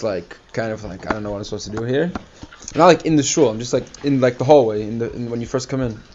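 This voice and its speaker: A man casually telling a personal story, rambling with many fillers and acting out the people he quotes. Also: fairly low pitch. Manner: rambling, filler-heavy, animated quoting of others. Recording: dull lo-fi recording with faint hiss.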